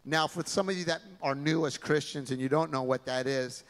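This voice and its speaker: A male pastor preaches with animated storytelling, his voice a touch high for a man. The sound rings with the long reverb of a large church hall. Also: brisk. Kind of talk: sermon.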